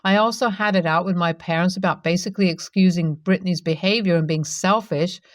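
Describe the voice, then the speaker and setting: A woman's voice: fairly low pitch, fairly quick, no room sound. Woman narrating a personal story, dry sound. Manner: steady, even first-person reading.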